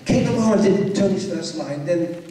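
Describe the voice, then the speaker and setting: A man, an actor on a convention panel, telling a theatre story in a lively way and acting out the voices. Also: high-pitched, moderate pace, a crowd in the background. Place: large convention hall. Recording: echoey hall recorded from far off.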